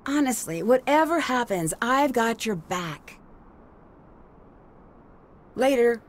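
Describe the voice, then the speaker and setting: A woman's voice: fairly high pitch, animated, takes it slowly. An actress voicing an earnest young female amateur detective in a mystery video game, asking questions in a curious, direct way.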